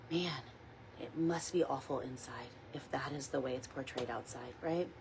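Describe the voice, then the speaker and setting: A woman leading a guided meditation, speaking softly and slowly and repeating calm mantras. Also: low voice, a little hiss or hum, poor audio. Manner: soft, slow, reassuring, repeats mantras. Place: outdoors or near a window in wind.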